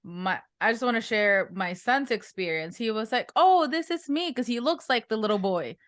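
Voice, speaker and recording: A woman's voice: medium pitch, moderate pace, a bit bright, dry recording, studio quality. A woman in her thirties co-hosting an interview, chatty and full of fillers. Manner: chatty, laughs often, many fillers. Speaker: podcast co-host. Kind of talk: casual interview conversation.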